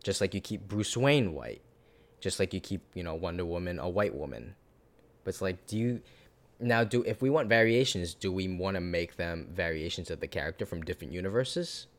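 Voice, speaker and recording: A man co-hosting a podcast, rambling and animated in casual chat, swearing now and then. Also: deep voice, a little fast. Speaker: podcast co-host.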